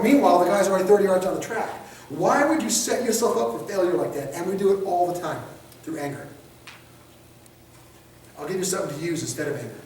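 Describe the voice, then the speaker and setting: High-voiced man lecturing in an echoey room. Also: darkish tone, a little hiss or hum. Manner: conversational, asks the class rhetorical questions; acts out quick street scenarios in quoted voices. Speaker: instructor. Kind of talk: classroom lecture. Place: training classroom. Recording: echoey room, picked up from a distance.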